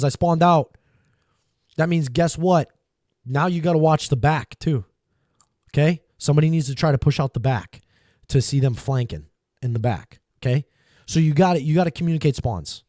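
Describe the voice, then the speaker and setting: A man giving energetic game coaching in an emphatic, repetitive way, often checking in with "okay?". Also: a little high, dry recording, studio quality.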